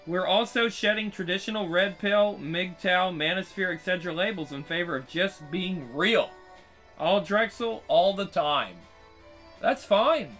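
High bright-voiced man ranting casually. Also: unhurried, faint music behind, low-quality recording. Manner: rambling, profane, frequent restarts. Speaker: channel host. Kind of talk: casual commentary.

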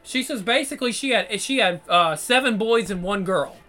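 A man's voice: high voice, moderate pace, pushed and bright. Exasperated man ranting and swearing. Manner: crude, repetitive, exasperated, swears constantly. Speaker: vlogger. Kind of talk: profane monologue rant to viewers.

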